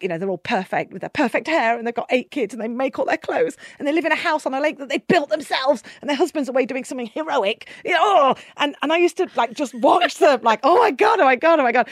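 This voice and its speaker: A woman's voice: high-pitched, no room sound, studio quality. Emphatic woman telling her story. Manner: emphatic, expressive, quick shifts between quiet and loud. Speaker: guest, keynote speaker. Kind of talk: candid personal storytelling in conversation.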